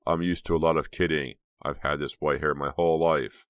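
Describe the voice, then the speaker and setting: A man's voice: rumbling low, brisk, smooth, no room sound, studio quality. A man voicing a polite, easygoing young man who jokes lightly. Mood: calm. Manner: calm, polite, lightly joking.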